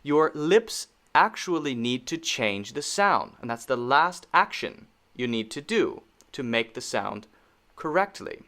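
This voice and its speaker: A man's voice: fairly high pitch, very animated, measured pace, fairly bright tone. A man teaching pronunciation, speaking patiently and repeating sounds over and over to demonstrate them. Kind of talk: spoken lesson.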